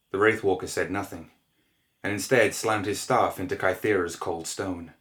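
A man reads a dark fantasy tale aloud as scripted narration. His voice sits low and his delivery is measured and descriptive. It is a steady audiobook-style read.

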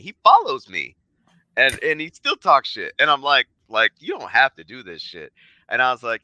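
A man talking as a podcast guest in casual chat, an animated storyteller who swears freely. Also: medium pitch, a little fast, dry recording, dull audio. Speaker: podcast guest, jiu-jitsu black belt.

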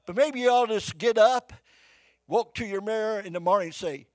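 An older man preaching a sermon to a congregation, folksy, shifting between shouted exhortation and hushed storytelling. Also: high voice, moderate pace, dry recording. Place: church before a live congregation.

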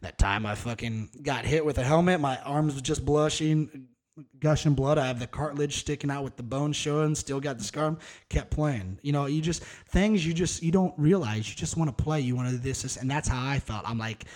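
A man's voice: medium pitch, moderate pace, darkish tone. A man in his thirties hosting a solo podcast, talking in a candid, rambling, profane and casual way. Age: 30s. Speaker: podcast host.

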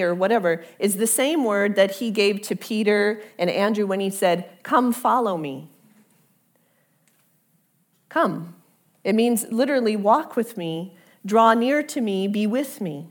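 A woman preaching a sermon at an unhurried, deliberate pace. Her voice is mid-pitched and conversational, earnest rather than showy. She often falls quiet and soft, almost whispering, on the key lines. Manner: conversational, earnest, drops to soft near-whisper for quoted invitations. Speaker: pastor.

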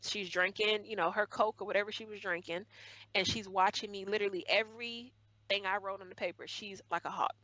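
A woman's voice: mid-range voice, fairly even intonation, fairly quick, pushed and bright, dry recording, muffled recording. Earnest woman telling a painful story. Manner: earnest, emotional retelling with acted quotes. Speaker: guest. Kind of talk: personal storytelling in conversation.

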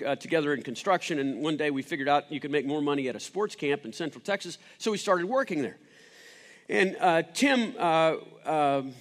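Guy telling a rambly sermon story, kinda high voice, lots of uh and restarts, long echo like a big hall. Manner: rambling, with many restarts and fillers.

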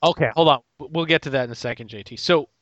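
A man's voice: fairly high pitch, very fast, a bit bright, no room sound, muffled recording. Dry-sounding man hosting a casual chat. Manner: rambling, with many restarts and laughs. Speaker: podcast host.

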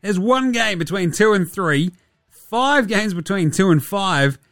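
A man's voice: high-pitched, lively intonation, a little slow, a bit bright, no echo, clean studio sound. A young Australian man hosting a casual basketball chat, swearing and joking as he rambles through the standings. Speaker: basketball podcast host.

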